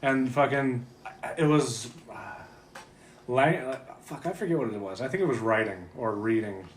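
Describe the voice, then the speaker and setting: A man's voice: medium pitch, normal speed. A young man chatting casually on a podcast, hesitant, with many fillers. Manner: laid-back, hesitant, fillers and swearing. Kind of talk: casual chat. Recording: roomy echo, faint noise.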